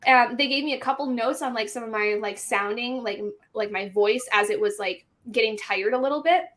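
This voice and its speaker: A woman's voice: fairly high pitch, a little fast, fairly bright tone. Giggly woman narrator, rambling. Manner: giggly, rambling, many "like" fillers. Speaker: audiobook narrator. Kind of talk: casual chat on a group video stream.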